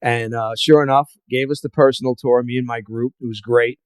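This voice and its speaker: A man's voice: medium pitch, steady tone, fairly quick, clear, resonant tone, dry recording. A man hosting a podcast interview, telling long martial arts anecdotes with many fillers and acting out what others said. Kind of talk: casual storytelling interview.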